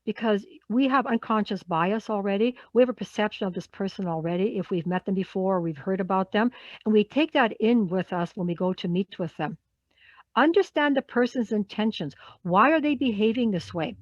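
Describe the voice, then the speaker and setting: A woman's voice: medium pitch, no room sound, highs cut off. A woman leading a live workshop as a coach, talking conversationally and often checking in with the group.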